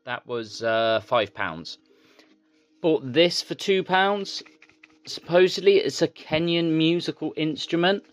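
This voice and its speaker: A man, a toy collector, showing off his finds in a casual, rambling vlog. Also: medium pitch. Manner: rambling, easygoing show-and-tell.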